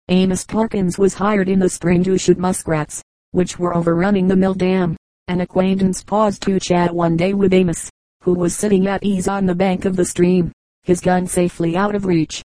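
A woman's voice: lowish voice, flat delivery, normal speed, warm tone, no echo, poor audio. A woman reading a collection of short humorous anecdotes as an audiobook narrator. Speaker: audiobook reader.

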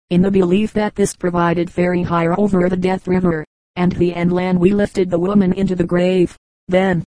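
Woman reading in a low, level voice. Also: no echo, low-quality recording. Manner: steady, measured reading. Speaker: audiobook reader. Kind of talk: audiobook narration.

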